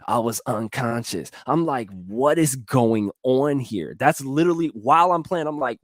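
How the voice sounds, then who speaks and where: Animated male motivational speaker, slangy and repetitive, pitch swings wide, dry close recording. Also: measured pace, no echo. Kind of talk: energetic motivational monologue.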